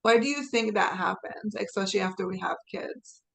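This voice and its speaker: A woman's voice: medium pitch, brisk, gravelly, poor audio. Affirming woman podcast host. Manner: warmly affirming, brief agreements. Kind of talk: podcast interview.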